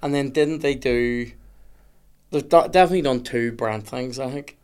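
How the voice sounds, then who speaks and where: A man who is a guest on a podcast, talking in halting casual chat, repeating words and swearing bluntly. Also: mid-range voice, a little mellow, clean tone.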